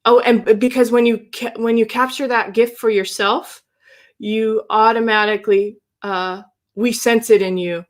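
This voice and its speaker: A woman's voice: on the high side, steady tone, normal speed. Woman, spiritual reader on a livestream; affirming, meandering delivery. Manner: warm, affirming, meandering with restarts. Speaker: human design reader. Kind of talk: livestream reading, casual chat.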